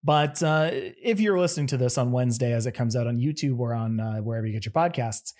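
A man's voice: medium pitch, quick pace. A man co-hosting a casual podcast, who grew up in Canada and talks in a playful, joking manner. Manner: playful, animated, jokey. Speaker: podcast co-host.

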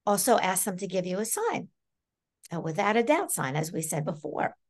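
A middle-aged woman talking as a psychic medium guest in a casual podcast interview, animated and laughing often as she acts out quoted voices. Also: on the low side, normal speed.

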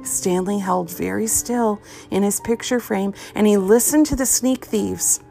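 A woman reads a children's storybook aloud with expressive, lively storytelling. Her voice is mid-pitched for a woman, with faint music playing behind her. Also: measured pace, creaky. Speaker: audiobook narrator.

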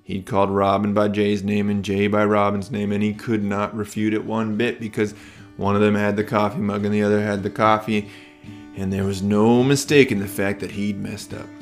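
A man telling a children's bedtime story as podcast host, in a relaxed, rambling way with fillers. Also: on the low side, normal speed, faint music behind.

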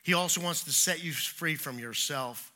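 Bright-voiced man preaching a sermon. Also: fairly high pitch, normal speed. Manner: animated storytelling, acts out quoted voices, swings between loud and hushed. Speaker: pastor. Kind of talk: sermon with personal stories.

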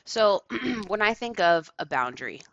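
A woman co-hosting a casual discussion over a call, reflective and slow in her phrasing, laughing often. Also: mid-range voice, sing-song, a bit bright, no room sound, highs cut off. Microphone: remote call.

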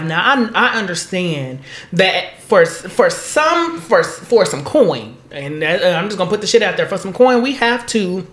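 A woman's voice: mid-range voice, roomy sound. A woman co-hosting a podcast in casual chat, blunt, profane and emphatic. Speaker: podcast co-host.

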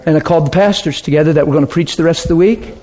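A man preaching a sermon and telling stories, swinging from loud excitement to hushed, quiet asides. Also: fairly high pitch, rapid-fire. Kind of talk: sermon storytelling.

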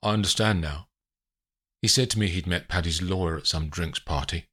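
Narrator doing guarded businessman, low, terse, husky, audiobook dialogue. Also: moderate pace, pushed and bright, heavily acted. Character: guarded businessman, evasive and curt. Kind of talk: audiobook character voice.

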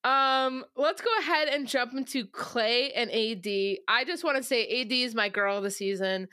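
A bright, fairly high-voiced woman chats casually as a podcast co-host. She is animated and outspoken, swears freely and slips into exaggerated voices to mock people. The sound is close and dry. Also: normal speed, clean tone, dry recording. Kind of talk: casual chat.

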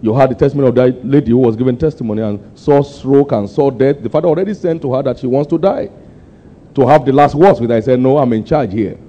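Older pastor, call-and-response sermon, mellow tone, lo-fi recording. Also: male voice, fast talker. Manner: call-and-response preaching, rising to high emphatic peaks.

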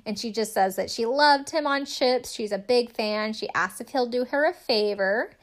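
A young woman casually recapping a TV show, chatty and sarcastic, full of "like" and quick asides. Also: fairly high pitch. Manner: chatty, sarcastic, lots of "like" and laughs. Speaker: podcast host recapping a TV show.

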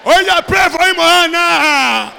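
A man leading a fiery sermon and prayer, alternating shouted prayer with quieter speech. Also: very high voice, expressive, measured pace, gravelly, a faint crowd, slight background noise. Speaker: pastor. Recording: long hall reverb.

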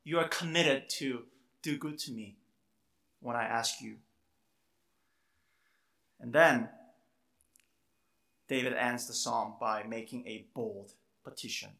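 A man's voice: medium pitch, slow pace, creaky, pauses often, sharp tone, echoey room. A man preaching a sermon, earnest and emphatic, often repeating words as he stresses a point. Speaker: pastor.

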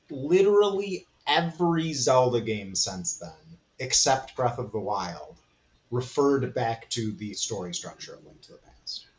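A man co-hosting a podcast in relaxed chat, reasoning his points through carefully. His voice comes through slightly dull and lo-fi, as if over a modest remote setup. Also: medium pitch. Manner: analytical, talks through ideas at length. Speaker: podcast co-host.

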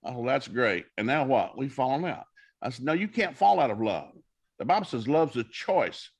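With a husky, sing-song, medium-pitched voice at a moderate pace, a man tells stories on a talk show. He's a minister with a folksy preacher's style who acts out the people he quotes.

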